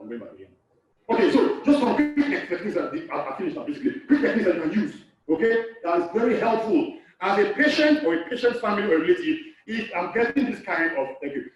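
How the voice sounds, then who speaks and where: A man from Nigeria giving a live lecture to a hall audience, repeating key phrases and asking the room questions. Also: high-pitched. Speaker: course lecturer. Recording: echoey hall, far off, dull.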